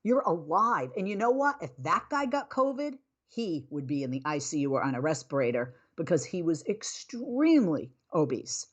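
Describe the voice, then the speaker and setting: Woman, talk radio host, fairly low pitch, emphatic, exasperated, opinionated monologue. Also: big pitch swings, moderate pace, few pauses, husky.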